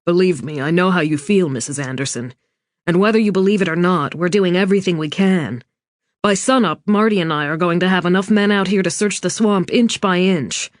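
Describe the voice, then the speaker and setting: A woman reading an audiobook, voicing a male police chief who speaks calmly and firmly. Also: lowish voice, brisk, no room sound, studio quality, lightly acted. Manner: calm and firm. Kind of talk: audiobook character voice.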